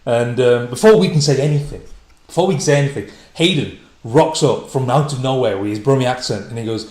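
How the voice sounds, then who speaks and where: A man's voice: mid-range voice, a little fast, a little mellow, slight background noise. A man, a stand-up comedian, telling a rambling, sweary anecdote with frequent laughter. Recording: echoey room.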